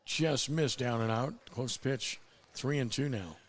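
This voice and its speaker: A man calling baseball play-by-play, his voice rising sharply in pitch and volume on big plays. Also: measured pace. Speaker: play-by-play announcer.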